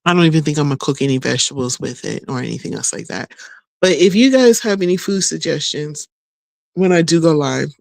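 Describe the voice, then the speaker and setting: A middle-aged woman talking straight to her viewers in a relaxed, rambling vlog, folksy and quick to laugh. Her voice is a bit hoarse, as if she is losing it. The sound is close and dry, with no room around it. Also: low-pitched, dry recording. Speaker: vlogger. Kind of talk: casual vlog chat.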